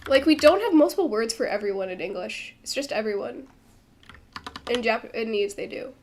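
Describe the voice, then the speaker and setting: A woman talks casually on a livestream, with a slightly high voice, thinking aloud as she translates and often restarting her sentences. Keyboard typing clicks and a faint background hiss sit behind her. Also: lively intonation, moderate pace, darkish tone. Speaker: streamer translating a manga.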